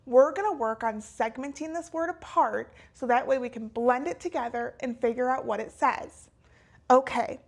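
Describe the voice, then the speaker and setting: Cheerful and high-pitched, a woman leads young learners through a phonics lesson, pronouncing every word with careful clarity.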